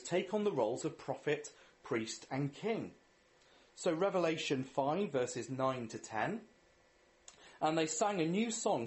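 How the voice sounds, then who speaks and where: A man's voice: on the high side, darkish tone. A man preaching a sermon in an earnest way, reading scripture, asking rhetorical questions and leading a prayer.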